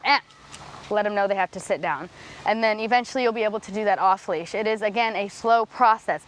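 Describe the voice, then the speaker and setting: A woman dog trainer explaining in a vlog, plain-spoken and patient as she walks through each tip. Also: mid-range voice. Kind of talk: instructional vlog.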